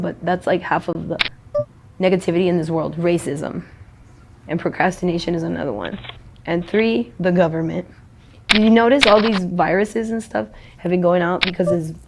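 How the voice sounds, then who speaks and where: A woman's voice: on the low side, background noise. A woman speaking in a casual street interview, rambling and blunt, swearing freely.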